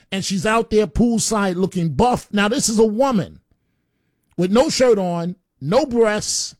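A man's voice: high voice, darkish tone, no echo, studio quality. Blunt, stammering talk radio host man. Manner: blunt, rambling, stammers with repeated words. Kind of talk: opinionated talk radio monologue. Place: radio studio.

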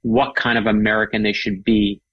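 Middle-aged guy, raspy edge, gravelly, eager storyteller, dry close mic. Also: on the low side, a little fast, dry recording, highs cut off. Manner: enthusiastic, animated storyteller. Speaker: author and guest. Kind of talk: casual chat.

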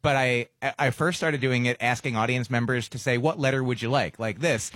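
A man's voice: medium pitch, a little fast, fairly bright tone, no room sound. A playful man talking casually as a comedian guest, trading jokes and tangents with a dry, close studio sound. He restarts his sentences often and pokes fun at himself. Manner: self-deprecating, playful storyteller with many restarts. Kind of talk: casual radio interview chat.

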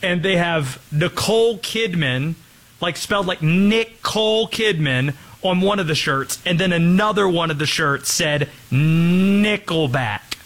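Sports talk guy needling his cohost, highish voice, bright and bouncy. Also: animated, measured pace. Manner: teasing, needling, mock-serious. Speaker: sports show host.

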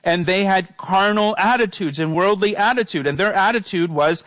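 A man preaching an earnest sermon, repeating his phrases and pressing his points. His voice sits a little high for a man. The sound is dry and close. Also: moderate pace, few pauses, a bit bright, dry recording. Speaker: pastor.

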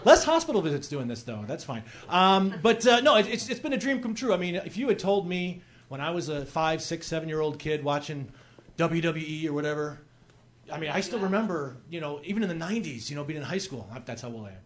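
A man's voice: a little high, animated, a little fast. A man in his forties from the Chicago area doing a rambling, self-deprecating stand-up set, laughing through his lines. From Chicago area, USA. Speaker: stand-up comedian. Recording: live club mic with crowd noise.

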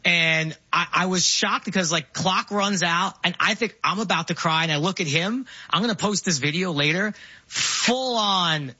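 A man's voice: high-pitched, moderate pace, breathy edge, no room sound, muffled recording. A man, telling stories eagerly as a guest on a talk show. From Brooklyn, New York. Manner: animated storyteller, excitable. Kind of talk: casual chat.

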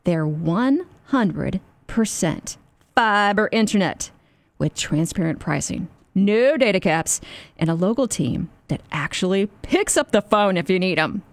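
A woman's voice: mid-range voice, animated, a little slow, dry recording. Chatty woman reading a radio ad. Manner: chatty and upbeat. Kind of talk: scripted radio ad read.

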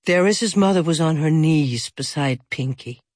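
An audiobook narrator reading a children's story gently and expressively. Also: medium pitch, a little slow, no room sound, studio quality.

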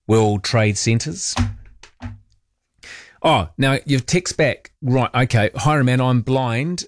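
A man hosting an overnight talk radio show, reading listener messages in a relaxed, chatty, self-deprecating way. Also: mid-range voice, no room sound, clean studio sound. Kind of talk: late-night radio, reading listener texts. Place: radio studio. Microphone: studio microphone.

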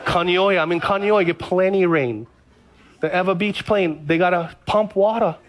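A pastor from Hawaii with a Hawaiian accent and a high voice, preaching a sermon. He tells stories with lots of swing, rising to loud high points and sinking to quiet, low asides. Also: normal speed, heavy background noise. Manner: animated storytelling, swinging from loud highs to low murmurs.

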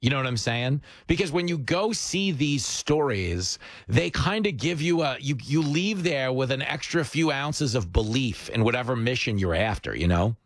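A man's voice: medium pitch, normal speed, no room sound. A man hosting a radio interview, talking in an enthusiastic, affirming way. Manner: enthusiastic, affirming, lively emphasis. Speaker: radio show host. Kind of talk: casual interview chat.

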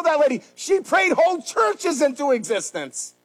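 A man preaching a sermon as pastor, swinging between loud, fervent rises and quiet, slow pleas. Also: extremely high pitch, big pitch swings, low-quality recording.

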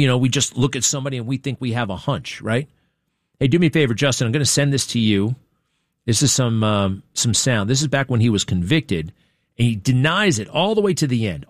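A man hosting a talk show from the United States, chatting loosely and rambling from point to point. His voice sits at a middle pitch and swings up high whenever he gets worked up. The mic is close and dry, with no room sound. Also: dry recording. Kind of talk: casual talk radio monologue.

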